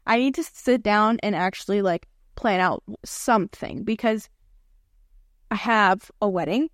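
A woman about twenty, co-hosting a casual podcast, chatting with lots of "like" and quick asides. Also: mid-range voice, no echo, studio quality. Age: 20s. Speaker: podcast co-host. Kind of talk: casual chat.

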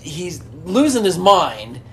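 Woman, lower voice, casual podcast co-host, rambling and filler-heavy, faint background noise. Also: sing-song, slow. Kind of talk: casual chat recapping a movie.

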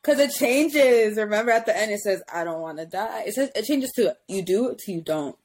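A woman's voice: fairly high pitch, moderate pace, a crowd in the background. A young woman in casual podcast chat, teasing and mimicking other people's voices. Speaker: podcast co-host.

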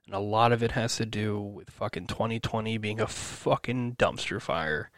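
A man's voice: fairly low pitch, normal speed, fairly bright tone, dry recording, clean studio sound. A man hosting his own podcast, venting in a rambling, self-encouraging monologue full of swearing. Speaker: podcast host.

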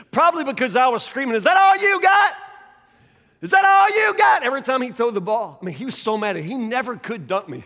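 A preacher telling a folksy story from the pulpit, his voice set high for a man. He swings from quiet asides to loud, animated bursts. The sound carries a long reverb from a large hall. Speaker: pastor. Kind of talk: sermon with storytelling.

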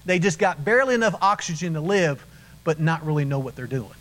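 A middle-aged man preaching to his congregation in a lively storytelling way. His voice sits a little high for a man, and he slips into acted-out voices as he goes. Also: brisk, rough recording. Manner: animated storytelling, acts out voices. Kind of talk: sermon.

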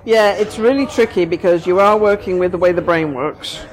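A woman's voice: fairly low pitch, fairly quick, rough recording. A woman, a therapist co-hosting a casual talk, explaining her ideas thoughtfully with examples. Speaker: therapist, podcast co-host. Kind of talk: casual conversation.

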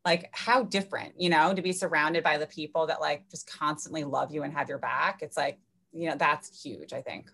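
A woman's voice: low-pitched, steady tone, moderate pace, creaky, pushed and bright. A woman coach, a podcast guest, chatting casually and affectionately. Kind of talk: casual interview chat.

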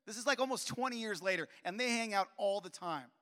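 Man, 40s, preacher; high voice, animated storytelling, long hall reverb. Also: fast. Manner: animated, with repeated restarts and acted-out dialogue. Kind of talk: personal storytelling sermon.

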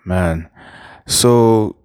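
A man from Nigeria talks in a relaxed way as a podcast guest. His voice sits fairly low. The sound is dry and close, with no room echo. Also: extremely slow, smooth. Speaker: guest musician. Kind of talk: casual podcast chat.

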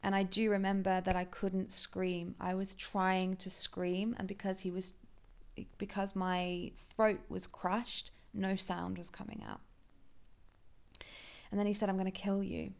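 Brief: female podcast host, gravelly mid-pitched voice, candid halting storytelling. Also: flat delivery. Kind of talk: personal storytelling.

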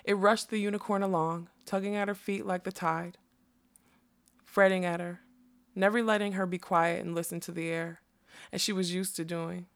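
A woman narrating a fantasy story aloud in a soft, measured reading voice. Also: on the low side, fairly even intonation. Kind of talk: audiobook narration.

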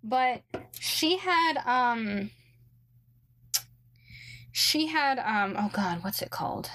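A young woman chats casually about her roommate, her story full of "like" and "um" and laced with sarcastic asides. Her voice is on the high side, animated and fairly bright, and she talks extremely slowly.

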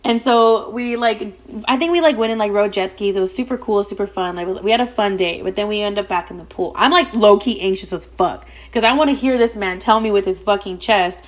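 Rapid, gossipy young woman podcaster. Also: mid-range voice. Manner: rapid, profane, gossipy, heavy use of "like". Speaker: podcast host. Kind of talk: casual storytelling.

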